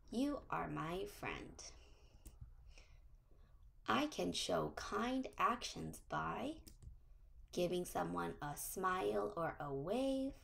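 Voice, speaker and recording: A woman teaches preschoolers through a social story, her delivery sing-song and gently encouraging. She speaks very slowly, drawing out each phrase. A heavy gravelly fry runs through her voice. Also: on the low side. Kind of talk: social story read to young children.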